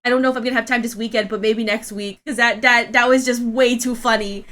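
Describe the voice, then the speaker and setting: An excitable woman streamer chatting casually to her viewers. She rambles through restarts and breaks into laughter and shrieks. Her voice is high, bright and a little tense. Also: fast talker. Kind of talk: casual live-stream chat.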